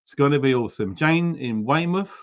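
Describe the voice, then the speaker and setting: A man's voice: mid-range voice, animated, fairly quick. A man chatting on a livestream, reading out viewer names and where they are from. He talks loosely, with plenty of ums and little asides. The sound is slightly dull, like lo-fi stream audio. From United Kingdom. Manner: chatty, reads viewer names and places aloud, frequent ums. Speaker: livestream host. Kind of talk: casual livestream chat.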